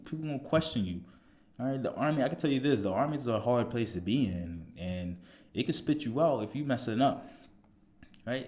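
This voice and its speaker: A man's voice: fairly low pitch, a little mellow. A man, a soldier giving blunt, profane motivational advice in a casual monologue, full of rhetorical questions.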